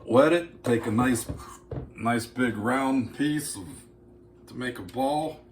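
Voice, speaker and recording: A man's voice: medium pitch, slow, background noise. Folksy joking man in an echoey kitchen. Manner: folksy, joking, talks straight to viewers. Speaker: home cooking vlogger. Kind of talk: casual cooking demonstration. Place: home kitchen.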